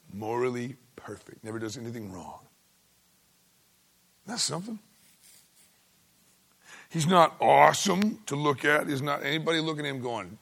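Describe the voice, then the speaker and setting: A husky, bright-toned man preaching a sermon. His pitch leaps about in lively swings as he moves from loud, ringing exclamations to quiet asides. His delivery stays folksy and conversational. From United States.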